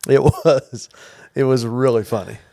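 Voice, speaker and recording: A man co-hosting a casual podcast chat, telling stories in an earnest, animated way. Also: mid-range voice, normal speed, vocal fry, no echo, studio quality. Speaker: podcast co-host.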